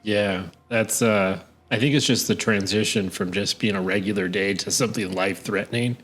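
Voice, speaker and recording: Low-voiced man in casual podcast chat. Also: faint music behind. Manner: relaxed, halting with fillers and restarts. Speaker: podcast co-host.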